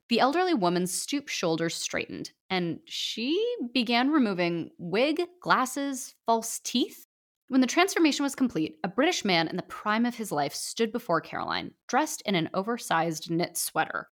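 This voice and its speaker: A woman narrating a short story in an expressive, animated storybook style. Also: fairly low pitch, moderate pace.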